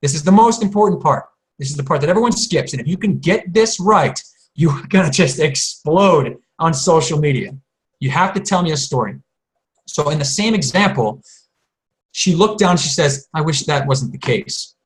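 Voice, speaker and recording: A man teaching on a conference call, energetic and playful, acting out example posts and quoted voices. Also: on the high side, normal speed, low-quality recording. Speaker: business coach.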